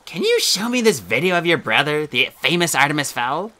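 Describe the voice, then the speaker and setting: A man voicing a stern female fairy police officer who speaks in a flat, clipped, formal way. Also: a little high, a little fast.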